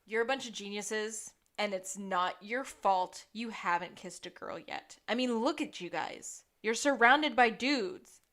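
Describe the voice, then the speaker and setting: A woman's voice: mid-range voice, a little slow, few pauses, a bit bright. A woman co-hosting a podcast, chatting casually about a TV episode, laughing often and going off on tangents. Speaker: podcast co-host. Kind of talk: casual recap chat.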